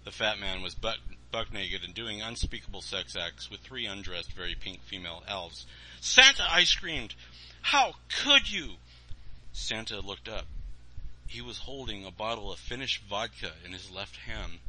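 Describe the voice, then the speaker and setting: A man reading his own novella aloud as a radio host, with relaxed, offhand asides between the passages. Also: on the low side, moderate pace, low-quality recording. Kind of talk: storybook reading on internet radio.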